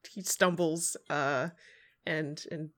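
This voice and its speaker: A woman's voice: sits low, slow. A woman playing a tabletop game, chatting casually with frequent laughs. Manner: laughing, animated chat. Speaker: player.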